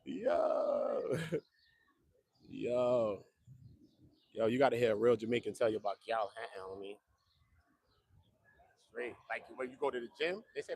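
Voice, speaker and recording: A man's voice: mid-range voice, moderate pace, fairly bright tone, no echo, clean studio sound. A man, rambling casually to the camera in slang, joking and repeating himself.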